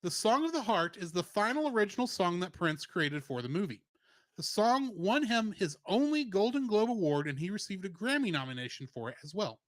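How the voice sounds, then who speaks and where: Man, fairly high voice, very animated delivery, dry close sound, podcast co-host reading trivia. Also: fairly quick, no echo. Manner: lively, animated reading with playful asides. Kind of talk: reading a plot summary and trivia.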